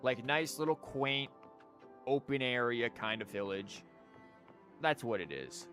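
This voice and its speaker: A man's voice: medium pitch, animated, measured pace, long pauses, fairly bright tone, soft background music. A young man giving live game commentary in a sarcastic, rambling, profane way. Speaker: game streamer.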